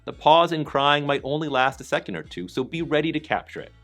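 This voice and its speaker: Male voice-over for a training video: calm and encouraging, lively in pitch, soft music underneath. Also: brisk. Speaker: dog trainer narrating a lesson. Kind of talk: scripted voice-over narration.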